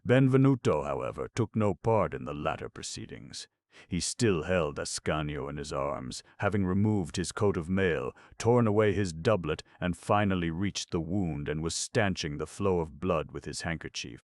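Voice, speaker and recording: Brief: male audiobook narrator, very low and gravelly, measured classic-novel reading. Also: animated, a little mellow, no room sound, clean studio sound. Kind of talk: scripted narration.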